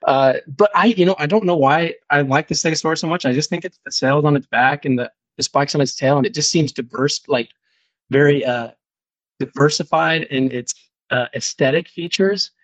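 A man's voice: on the high side, moderate pace, dry recording. A man from Utah, a guest on a podcast, chatting in a hesitant, self-deprecating way. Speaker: guest caller. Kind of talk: casual podcast chat.

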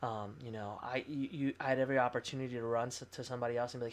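A young adult man, a pastor, sharing a personal testimony in casual conversation, candid and animated, with fillers and laughs. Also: mid-range voice, racing, hardly any pauses.

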